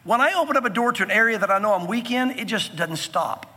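Man, pastor, sermon, very high voice, emphatic, church with long reverb. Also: lively intonation, pushed and bright. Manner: earnest, emphatic preaching with slow stressed phrases.

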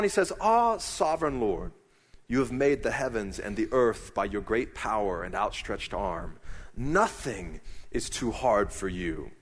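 A man's voice: on the high side, fairly bright tone, in a large hall. A middle-aged man preaching a sermon as pastor, conversational and emphatic.

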